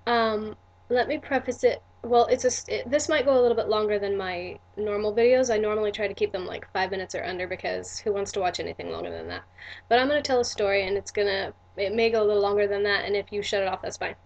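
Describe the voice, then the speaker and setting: A woman's voice: medium pitch, steady tone, fast talker, lo-fi sound. A woman, telling a personal story in a candid, earnest vlog with many restarts and asides. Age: 40s. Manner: earnest and emotional. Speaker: vlogger.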